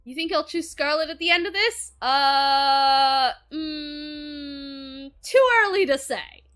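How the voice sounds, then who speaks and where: Bright, high, excitable woman streamer. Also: a little fast, faint music behind. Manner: excitable, profane, reacts loudly. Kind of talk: game playthrough, reading dialogue aloud.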